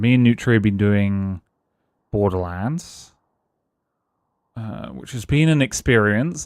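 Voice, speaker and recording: A man's voice: on the low side, no echo, studio quality. A man streaming a game live, rambling casually and answering his chat as he plays. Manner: rambling, chatty, answers chat and thanks followers.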